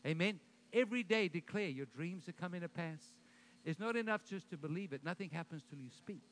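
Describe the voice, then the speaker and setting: A man preaching a sermon at a church service, telling a story and then leading the congregation in loud, rising declarations, often repeating his first words. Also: sits high, animated, brisk. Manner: repeats words when starting sentences, builds to loud declarations. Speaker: pastor.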